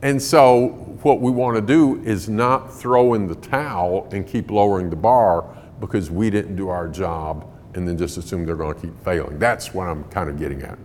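A man's voice: low-pitched, fairly even intonation, normal speed, a little mellow, a little hiss or hum. A man answering parenting questions before a live audience, folksy and emphatic, laughing often. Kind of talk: conversational Q&A talk to a live audience. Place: large hall in a building. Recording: long hall reverb.

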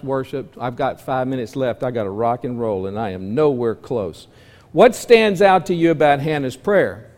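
Folksy preacher in a reverberant hall. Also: male voice, on the high side. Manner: folksy, asks the room many questions, shifts between loud and soft. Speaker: preacher teaching a church class. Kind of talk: sermon-style Bible class. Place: church classroom.

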